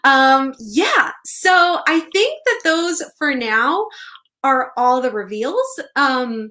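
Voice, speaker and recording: Young woman on a livestream, super bubbly, kinda high bright voice, gets squealy about comments. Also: slow. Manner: bubbly, excitable, squeals over viewer comments. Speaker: author and livestream host. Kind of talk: casual livestream chat with viewers.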